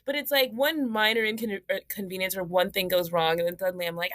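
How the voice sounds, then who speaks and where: A young woman co-hosting a podcast, telling animated stories with frequent laughter and swearing. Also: medium pitch, quick pace, few pauses, no room sound. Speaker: podcast co-host. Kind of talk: casual chat.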